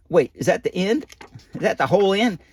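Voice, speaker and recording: A man's voice: high-pitched, big pitch swings, normal speed, darkish tone, husky. A man reading a picture book aloud, breaking off for folksy, rambling, joking asides. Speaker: storybook reader.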